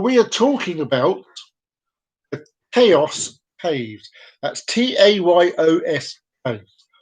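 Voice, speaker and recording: A man hosting a casual live-stream vlog, reading out fun facts in a rambling, jokey way and repeating himself. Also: fairly high pitch. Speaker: vlog host.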